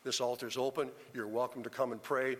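A middle-aged male preacher with a bright, forceful tone, telling a story earnestly and without hurry. His voice rings out with a long reverb off the church walls. The delivery is steady and heartfelt. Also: medium pitch, brisk, slightly rough. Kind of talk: sermon storytelling. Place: church sanctuary.

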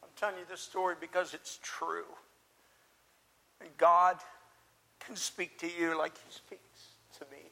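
A man's voice: high voice, flat delivery, unhurried, creaky, long pauses, sharp tone, exaggerated voice. A man preaching as the apostle Peter, an impulsive and talkative fisherman, telling his story in the first person with earnest, searching restarts. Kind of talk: first-person dramatic monologue.

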